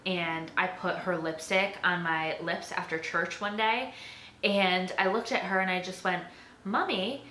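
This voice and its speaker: A woman's voice: on the low side, bright, forceful tone, echoey room, slight background noise. A young woman vlogging casually to her viewers, chatty and giggly, filling her talk with "like" and "um". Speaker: beauty vlogger. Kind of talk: casual chat to camera.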